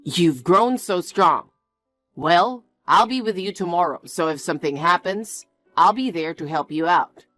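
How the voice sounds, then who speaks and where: A woman's voice: fairly low pitch, lively intonation, measured pace, a bit bright, faint music behind. A woman voicing a defensive, bossy young man who talks in a curt, scolding way. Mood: gentle.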